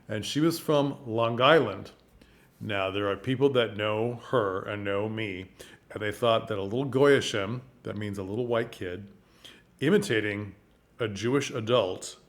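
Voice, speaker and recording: A man coaching actors in a casual talk to camera, chatty, with frequent laughs and fillers. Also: on the low side. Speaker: theatre coach.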